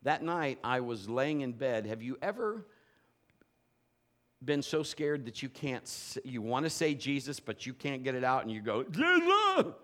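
A man's voice: mid-range voice, normal speed. A middle-aged male preacher telling a dramatic story in a sermon and acting out the voices and sounds in it. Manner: animated, acts out voices and sounds.

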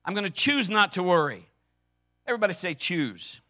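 A pastor preaching a sermon, fervent and emphatic, with a folksy, conversational way of talking. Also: male voice, sits high, very animated, normal speed, pushed and bright.

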